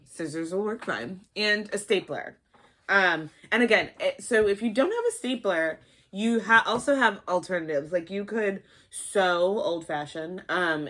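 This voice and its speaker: A young woman from the Midwest, her voice sitting a bit low, walks through a craft project in a loose, playful ramble. She is a little high, and her talk drifts with fillers and asides. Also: fairly bright tone. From American Midwest. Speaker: craft tutorial host. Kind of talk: casual how-to demonstration.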